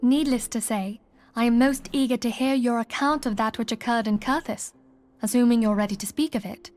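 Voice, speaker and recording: A woman's voice: a little high, fairly quick, a little mellow, faint music behind, lightly acted. An actress playing a gracious young woman leading a group in a game, speaking formally and courteously. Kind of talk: game voice acting.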